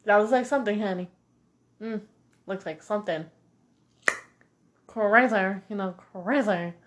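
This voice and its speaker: A young woman vlogger chatting casually about a series, animated and gossipy, with sassy asides. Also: medium pitch, unhurried, noisy background. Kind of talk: casual chat reviewing a series.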